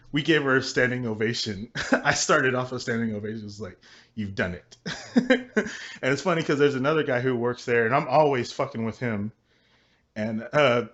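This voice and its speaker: A man's voice: mid-range voice, no room sound. A man casually telling a work story in a vlog, swearing a lot and laughing as he talks. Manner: profane, laughing often, animated storytelling. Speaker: vlogger. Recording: dull lo-fi recording with faint noise.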